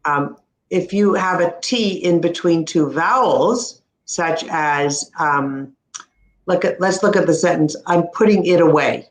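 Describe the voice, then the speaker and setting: This is a middle-aged Canadian woman teaching pronunciation, with a crisp, instructive manner. She slows down to model words carefully. Her voice carries a noticeable room echo. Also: lowish voice. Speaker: speech-language pathologist.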